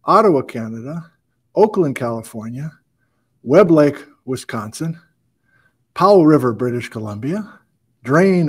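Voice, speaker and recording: A man's voice: medium pitch, husky. Upbeat man hosting a livestream. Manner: upbeat, reads out viewer greetings. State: out of breath. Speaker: host. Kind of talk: casual livestream chat.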